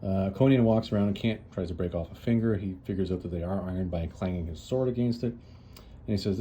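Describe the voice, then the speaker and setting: A man's voice: deep voice, fairly quick, warm tone, highs cut off, a little hiss or hum. A man casually retelling a story as a host, chatty and loose, with lots of "uh"s and restarts. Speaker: comics reviewer, host.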